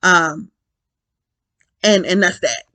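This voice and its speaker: A woman giving a casual spoken film review, animated and profane, often repeating herself and correcting her words. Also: on the low side, takes it slowly, no room sound.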